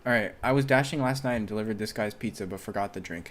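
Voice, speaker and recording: A man's voice: lowish voice, expressive, fast, few pauses, fairly bright tone. A man streaming from home, reading posts aloud and reacting in a loose, casual way, swearing freely and muttering to himself.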